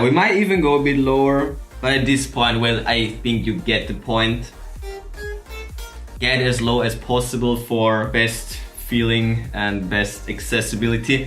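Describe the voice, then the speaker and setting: A man giving a relaxed, chatty guitar setup tutorial at home. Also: mid-range voice, reverberant. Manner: relaxed, chatty, laughs at himself. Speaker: guitar vlogger. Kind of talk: casual tutorial.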